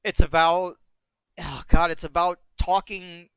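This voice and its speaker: A man with a slightly high, smooth and resonant voice talks on a live stream, halting and repeating himself as he fights back tears. The sound is dry and close, with no room around it. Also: fairly bright tone, no echo. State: tearful, on the verge of crying. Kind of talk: emotional live-stream monologue.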